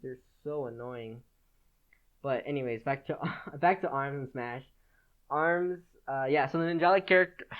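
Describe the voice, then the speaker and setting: A man's voice: mid-range voice, phone-quality sound. A teenage boy hosting a solo podcast in a rambling, casual chat, full of fillers and restarts. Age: teens. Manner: rambling, chatty, with many "like"s and restarts. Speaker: podcast host.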